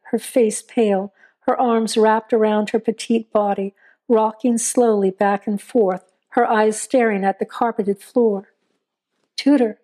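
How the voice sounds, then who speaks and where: Mellow woman narrating an audio story. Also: on the high side. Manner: measured, atmospheric storytelling. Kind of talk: scripted narration.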